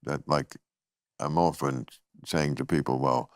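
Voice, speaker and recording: A man hosting a talk show, musing aloud in casual chat and chiming in with quick agreement. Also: extremely low pitch, lively intonation, dry recording, clean studio sound.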